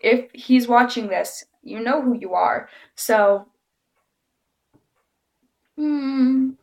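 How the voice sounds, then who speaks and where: A woman's voice: fairly high pitch, extremely slow, vocal fry. A woman vlogger telling a story to camera in a casual, chatty way, often giggling and acting out what people said. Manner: giggly, chatty, animated quoting.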